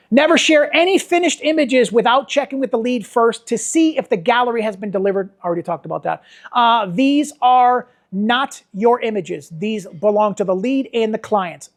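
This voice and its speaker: A middle-aged man leading a photography workshop, telling stories and acting out the people he quotes. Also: sits high. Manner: animated storytelling, acts out quoted voices. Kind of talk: workshop talk with anecdotes.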